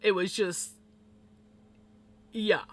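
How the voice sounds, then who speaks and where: A woman's voice: medium pitch, fairly even intonation, very slow. A woman live streamer telling a personal story to her viewers in casual chat. She talks bluntly and swears freely. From Canada.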